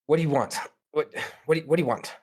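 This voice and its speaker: A man's voice: mid-range voice, expressive, fairly quick, slightly rough. A man voicing a jumpy, flustered male herbalist who talks in a nervous, snappish way.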